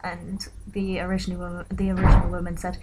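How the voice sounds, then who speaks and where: A young woman in her late teens recounting a personal story in a quiet, reflective way, sometimes dropping to a whisper. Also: lowish voice, completely flat delivery, quick pace, loud music behind the voice, rough recording. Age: young adult. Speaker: vlogger.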